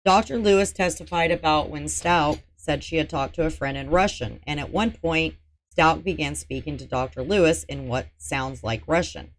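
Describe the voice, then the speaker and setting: Low-voiced woman recapping a trial. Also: moderate pace. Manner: dry, sarcastic asides between read-out testimony. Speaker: true-crime channel host.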